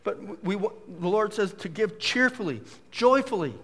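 A man preaching a casual, jokey sermon as a pastor, full of folksy asides and quick humor. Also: sits high, lively intonation, fairly bright tone, slightly rough, in a large hall. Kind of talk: conversational sermon.

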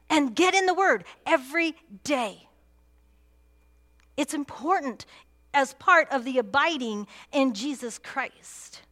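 A woman's voice: high-pitched, fairly bright tone. A woman pastor preaching a sermon, earnest and emphatic, repeating key phrases for weight.

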